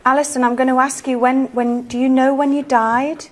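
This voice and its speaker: Woman, high-pitched, gently coaxing séance leader. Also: flat delivery, normal speed. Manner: soft, coaxing, pleading questions. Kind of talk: ghost-hunt séance questioning.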